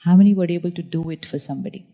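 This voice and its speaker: A woman giving a spiritual talk to an audience, calmly guiding them through repeated affirmations. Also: on the low side, racing. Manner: calm, repetitive, guiding affirmations. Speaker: spiritual teacher.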